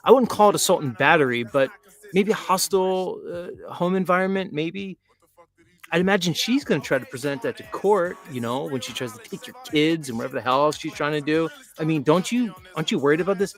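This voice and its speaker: A man's voice: fairly high pitch, lively intonation, fairly quick. Male host, casual rambling delivery with a mocking edge, faint music behind. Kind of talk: casual livestream talk.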